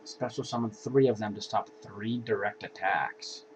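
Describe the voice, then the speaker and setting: In a steady voice on the low side and at normal speed, a man lazily talks through the cards in his game deck, yawning and sighing between them. The audio is a dull lo-fi home recording with slight hiss.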